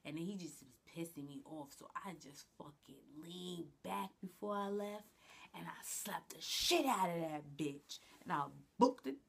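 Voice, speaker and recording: A woman's voice: on the low side, a little slow, vocal fry, slightly rough. A woman vlogger telling a personal story in a casual, blunt, slangy way, swearing often. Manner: blunt, slangy, swears a lot, animated retelling.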